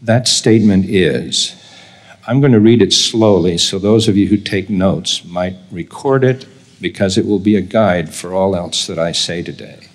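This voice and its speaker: An older man giving a formal devotional sermon in a slow, measured, deliberate way. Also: low-pitched. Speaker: church leader giving a devotional address.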